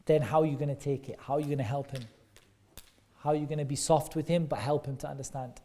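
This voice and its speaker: A man leads a children's class with a mellow, slightly high voice. He keeps asking the kids questions and echoes their answers back with warm praise. His talk is loose and encouraging, full of everyday examples. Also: quick pace. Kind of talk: interactive lesson for kids.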